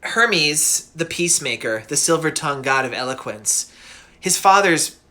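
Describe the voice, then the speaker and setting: A man's voice: a little high, lively intonation, unhurried, bright, forceful tone. A middle-aged man casually and goofily retelling a myth as host of a show. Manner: chatty, goofy, lots of fillers. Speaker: cartoonist hosting a myth show. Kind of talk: casual storytelling.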